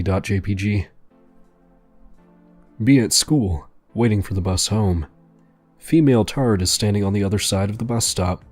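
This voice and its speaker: A man with a fairly low, breathy-edged voice narrates a story in a dry, deadpan manner while faint music plays quietly behind him.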